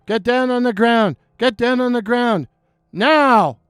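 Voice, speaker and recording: A man's voice: very high voice, takes it slowly, a bit bright, clear, resonant tone, dry recording, clean studio sound, pitched above the performer's own voice, full character voice. A man voicing armed riot cops who bark commands. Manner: barked commands.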